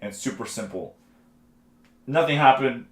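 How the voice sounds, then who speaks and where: A man co-hosting a podcast in casual chat, halting and restarting his sentences. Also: mid-range voice. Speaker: podcast co-host. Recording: roomy echoey room.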